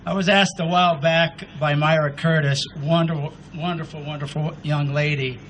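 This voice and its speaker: A man in his fifties with a fairly high voice gives a speech at a memorial. He sounds humble, a little nervous and emotional, with faint noise behind him. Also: steady tone, moderate pace, fairly bright tone, low-quality recording. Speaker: veteran guest speaker. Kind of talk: ceremony speech. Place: outdoor memorial ceremony.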